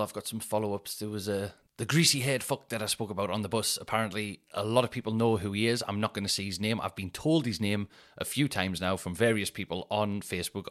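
Low-voiced man telling a rambling story. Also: a bit bright. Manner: rambling storyteller, quick restarts, acts out quotes. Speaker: podcast host. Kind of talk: casual anecdote telling.

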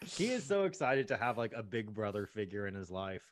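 A man's voice: fairly low pitch, big pitch swings, fairly quick. A man co-hosting a podcast over a video call, swearing and teasing his friends. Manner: crude, teasing, swears a lot. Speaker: podcast co-host. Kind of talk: casual chat.

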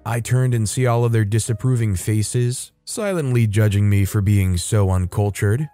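A man hosting a story channel, reading online revenge stories aloud in a casual, lively way. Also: on the low side, normal speed, soft background music. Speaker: story channel host and narrator.

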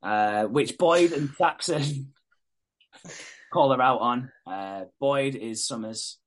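A man's voice: mid-range voice, slow pace. A man hosting a podcast, casually recapping a TV episode and acting out the characters' lines with plenty of swearing. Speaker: podcast host.

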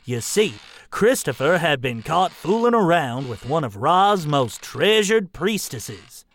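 A man playing a pompous, bumbling old-fashioned gentleman in a comedy sketch, talking in a formal drawl and flustering easily. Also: on the high side, big pitch swings, unhurried, exaggerated voice. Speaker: comic presenter.

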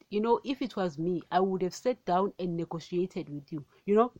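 A woman giving an informal spoken sermon on her podcast, animated and chatty, calling her listeners "guys" over and over and laughing now and then. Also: mid-range voice, moderate pace, few pauses, dry recording, lo-fi sound. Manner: animated, repeats "guys" constantly, laughs often. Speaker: podcast preacher.

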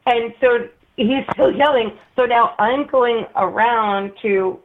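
Woman guest telling a story by phone, expressive and laughing, tinny line. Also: a little high, slow, slight background noise. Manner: animated, acts out quoted voices, laughs often. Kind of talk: casual storytelling chat. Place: Massachusetts.

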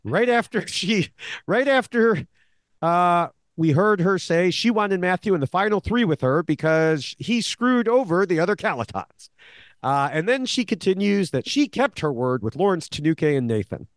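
A longtime show analyst co-hosts a podcast, recapping episodes in loose, casual chat full of fillers and restarts. His voice is high and sing-song at a moderate pace, recorded with studio quality and no echo.

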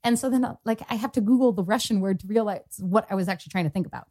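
A woman's voice: mid-range voice, very fast, warm tone. A young adult woman co-hosting a podcast, telling a personal story in casual chat, quoting others with lots of fillers. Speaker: podcast co-host.

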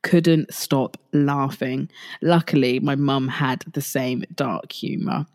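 Woman, low voice, young adult, podcast host, chatty, repetitive, swears freely. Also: steady tone, slow pace, darkish tone. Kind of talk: casual solo podcast monologue.

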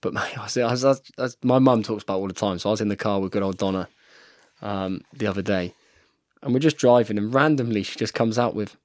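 An English man in his thirties, a professional rugby player, chatting excitedly while rewatching match footage and calling his friend "mate" constantly. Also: on the low side, fast talker, no echo, studio quality. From England. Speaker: guest, professional rugby fly half. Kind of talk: casual chat while watching match footage.

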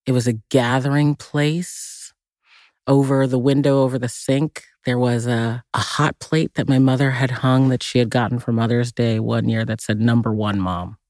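A woman from Massachusetts, an actress being interviewed, telling lively, reflective childhood stories and often laughing. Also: extremely low pitch, moderate pace, no room sound, clean studio sound. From Massachusetts, USA. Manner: reflective, vivid listing, breaks into laughter. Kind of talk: casual interview storytelling.

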